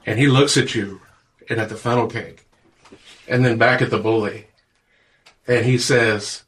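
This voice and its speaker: A man playing a tabletop game, describing his character's moves. His voice is bright and forward, his manner easygoing. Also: medium pitch, fairly even intonation, measured pace, long pauses. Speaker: player.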